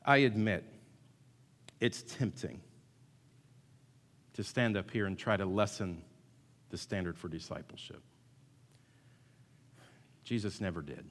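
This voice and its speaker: A man's voice: deep voice, slow, pauses often. A man preaching a sermon as pastor, emphatic and repetitive, at times rising to call-and-response with the congregation. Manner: emphatic, builds to loud call-and-response, repeats words. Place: church sanctuary. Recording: long hall reverb.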